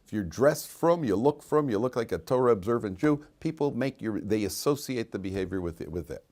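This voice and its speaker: A middle-aged rabbi teaching his weekly Torah lesson in a Jerusalem yeshiva classroom keeps it informal, acting out characters' voices and chuckling at his own jokes. He speaks on the low side with a darkish tone, animated and a little fast.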